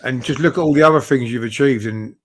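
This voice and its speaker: A man's voice: mid-range voice, fast. A man hosting a casual interview, reassuring and encouraging his guest.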